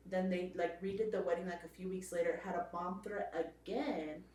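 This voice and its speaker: Low-voiced woman, roomy and off-mic. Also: steady tone, moderate pace, darkish tone, far from the mic, a little hiss or hum. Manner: chatty, rambling with fillers. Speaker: podcast co-host. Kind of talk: casual storytelling. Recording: roomy, off-mic with faint ambience.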